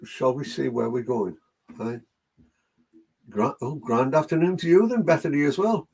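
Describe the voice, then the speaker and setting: A man's voice: mid-range voice, normal speed, creaky, darkish tone, husky. A man with a Geordie accent, working as a medium and chatting through a live online reading session while greeting viewers by name.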